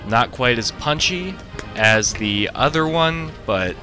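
A man's voice: medium pitch, animated, takes it slowly, bright, forceful tone, soft background music. A young man co-hosting a college radio talk show, playful and mock-folksy. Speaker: co-host. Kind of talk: joking college radio banter.

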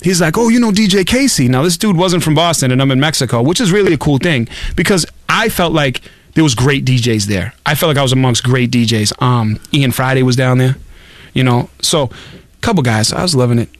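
A man hosting a podcast in casual chat, telling stories with animated bursts of ranting. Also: mid-range voice, fairly quick, no echo. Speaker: podcast host.

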